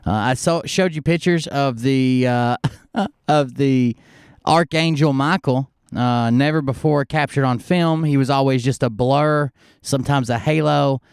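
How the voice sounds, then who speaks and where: Measured in pace, this live-stream host speaks at medium pitch with a clear, resonant tone, recorded clean in the studio with no room sound through a close desk mic. Slightly ill, he rambles casually, full of fillers and profanity.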